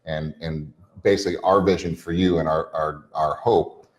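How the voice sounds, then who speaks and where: Low-voiced guy co-hosting a podcast, rattling off coaching points in long lists. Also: fairly even intonation, rough recording. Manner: coaching, rapid run-on lists. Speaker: podcast co-host. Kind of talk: casual chat.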